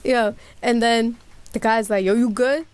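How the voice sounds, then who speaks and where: A woman's voice: a little high, a little slow, slight background noise. Slangy young woman telling a wild story. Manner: animated storytelling with voiced quotes, slangy and profane. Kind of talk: casual chat.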